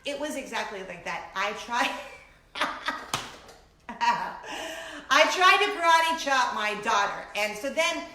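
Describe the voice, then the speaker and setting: Bright, laughing woman in an echoey room. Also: on the high side, slow, long pauses, slight background noise. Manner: animated storytelling, breaks into laughter, acts out shrieks. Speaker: vlogger host. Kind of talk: casual chat to camera.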